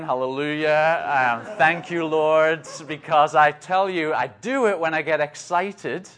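A man's voice: a little high, a bit bright. Chatty English man preaching. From northeast England. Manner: chatty, self-deprecating, joking asides. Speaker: guest speaker. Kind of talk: conversational preaching.

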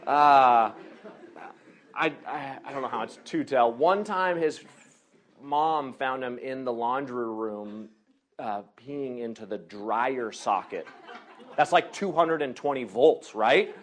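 A man preaching a sermon, telling a lively personal story and then turning quiet and earnest as he preaches. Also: mid-range voice, takes it slowly. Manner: animated storytelling, laughing, acting out voices.

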